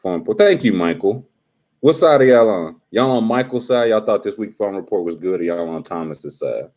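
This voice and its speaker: A man's voice: lowish voice, expressive, normal speed, a little mellow. A young adult man hosting a casual live stream, teasing and talking straight to his chat in slangy speech.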